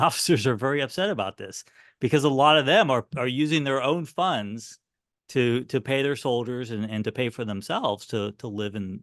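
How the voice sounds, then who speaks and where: A man's voice: mid-range voice, dry recording. Earnest middle-aged man, dry sound. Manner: animated, earnest storyteller. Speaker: guest military historian. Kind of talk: interview answer, storytelling.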